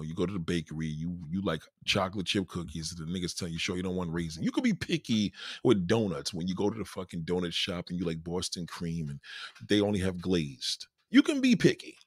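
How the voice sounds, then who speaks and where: A man hosting a casual livestream, riffing loudly and acting out quoted voices, reading chat names aloud. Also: low-pitched, husky, no echo, clean studio sound. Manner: loud, animated riffing, acts out quoted voices. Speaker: livestream host.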